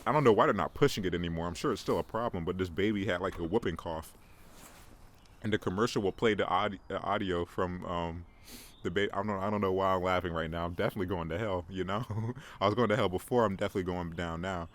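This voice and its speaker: A young man with a low voice hosts a fast, casual podcast monologue. He rambles and mocks himself, frequently stammering and repeating words.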